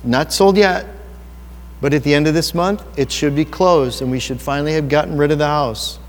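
High-voiced preacher in a reverberant hall. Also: male voice, moderate pace, faint music behind. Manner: earnest, personal and conversational, with rhetorical questions. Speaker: pastor. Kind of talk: sermon.

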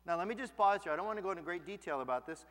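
Male pastor, high voice, lively storytelling sermon, long hall reverb. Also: rapid-fire.

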